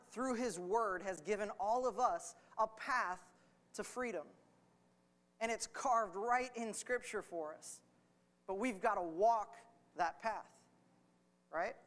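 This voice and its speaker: A man's voice: high-pitched, a bit bright. Earnest conversational male pastor preaching. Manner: reads scripture aloud. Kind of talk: sermon.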